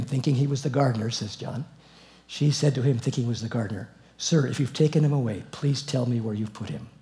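Speaking to an assembled congregation, a man delivers an expository sermon on scripture in a mellow, warm, mid-pitched voice. He tells the story with lively asides and small chuckles.

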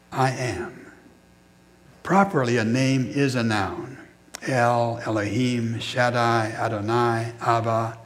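A man preaching a sermon in a measured, reflective way, pausing between short phrases. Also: medium pitch.

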